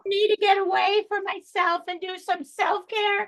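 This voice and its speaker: A woman's voice: extremely high pitch, level tone, moderate pace, fairly bright tone, voice pushed up, low-quality recording. A woman voicing an impatient, huffy pet dog. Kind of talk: improvised comedy sketch. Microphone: video call.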